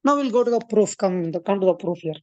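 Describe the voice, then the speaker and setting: A woman's voice: medium pitch, animated, fairly quick, a little mellow, no echo, highs cut off. Woman teaching maths at a board. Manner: explains step by step, thinks aloud with fillers and self-corrections. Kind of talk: classroom lecture at a board.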